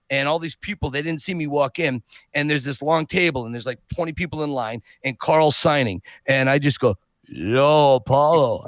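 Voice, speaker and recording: A man on a podcast telling an animated personal story, acting out the people he quotes. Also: fairly high pitch, no echo. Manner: lively anecdote teller who acts out quotes. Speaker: podcast guest.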